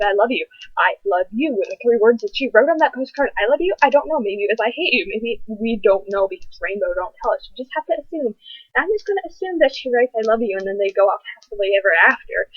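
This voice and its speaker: A teenage girl chatting casually on camera, reviewing a book with animated rants. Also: fairly high pitch, no echo. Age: teens. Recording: dull, dry lo-fi webcam sound.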